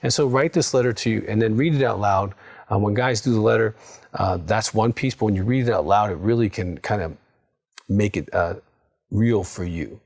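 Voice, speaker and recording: Older man coaching in a lowish voice. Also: normal speed, darkish tone. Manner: direct and coaching, often checking in with "okay?". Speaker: psychologist and recovery counselor. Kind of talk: instructional talk to viewers.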